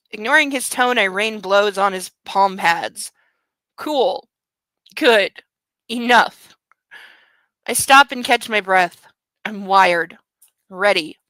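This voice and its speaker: A woman's voice: mid-range voice, pushed and bright, dry recording, low-quality recording. A woman hosting a comedic book club at home, reading aloud and breaking off for casual, sarcastic asides.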